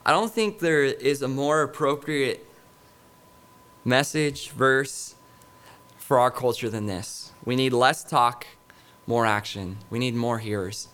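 A middle-aged man preaches in a relaxed, conversational way, telling stories and trailing into fillers and restarts. His voice sits at an ordinary middle pitch. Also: takes it slowly. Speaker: pastor. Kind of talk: sermon.

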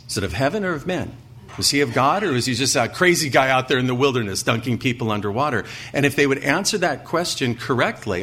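A man's voice: medium pitch, animated, fast talker, a bit bright, slightly rough. Man, middle-aged pastor, sermon, reads scripture with emphasis, rhetorical questions. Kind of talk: sermon, expository Bible teaching.

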